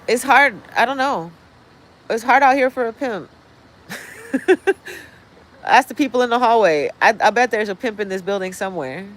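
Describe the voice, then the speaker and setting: A woman's voice: fairly high pitch, expressive, normal speed, long pauses, rough recording. A woman hosting a livestream, talking in a blunt, profane, rambling way from indoors. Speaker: livestream host. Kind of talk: casual livestream rant. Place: indoors, apartment building.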